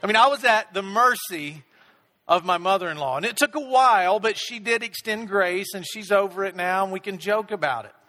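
A middle-aged pastor with a high, bright voice preaches a storytelling sermon, a little fast, his words ringing through the long reverb of a big hall. He's relaxed and chatty as he tells a self-deprecating story.

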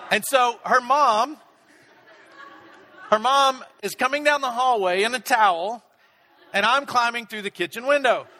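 A middle-aged pastor preaching with a high, bright voice that rings out in the long reverb of a big hall. He tells a self-deprecating story in a relaxed, chatty way. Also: slight background noise. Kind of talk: storytelling sermon.

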